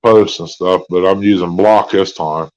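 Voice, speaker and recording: A man's voice: sits low, fairly even intonation, darkish tone. Drawling man on lo-fi audio. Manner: drawling, folksy and unhurried. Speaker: live stream host. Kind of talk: casual chat. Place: hospital room.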